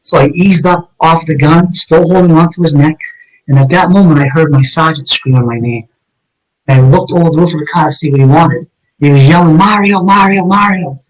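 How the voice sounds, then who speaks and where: Intense middle-aged man, fairly high voice. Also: brisk, darkish tone, rough recording. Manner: vivid and intense, with frequent restarts and repeated words. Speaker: retired detective telling his story as a guest. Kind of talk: dramatic first-person storytelling in an interview.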